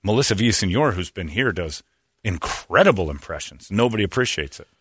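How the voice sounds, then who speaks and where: Low-ish guy ranting on the radio, sarcastic, dry sound. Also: expressive, brisk, a bit bright, breathy edge, no echo. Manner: ranting, sarcastic, laughs often. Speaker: radio show host. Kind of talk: casual radio chat.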